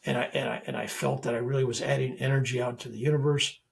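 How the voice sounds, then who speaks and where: Brief: older male reverend, gravelly, animated storyteller. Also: medium pitch, quick pace. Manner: animated, acts out dialogue in retellings. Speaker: guest, reverend. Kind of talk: storytelling in a podcast interview.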